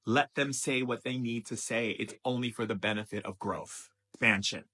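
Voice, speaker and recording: A man's voice: fairly low pitch, fairly even intonation, normal speed, hardly any pauses, bright, forceful tone. A man as a spiritual teacher giving an emphatic, repetitive motivational talk.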